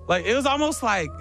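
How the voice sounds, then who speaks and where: A man telling a comic story in casual chat, acting out the voices in it with lively energy. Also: high-pitched, creaky. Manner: animated, acts out the voices in his stories. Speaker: storyteller co-host.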